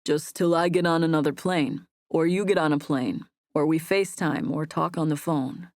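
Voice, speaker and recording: A woman narrator voicing a tender young man with a gentle, reassuring manner. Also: sits low, moderate pace, no echo, studio quality, lightly acted.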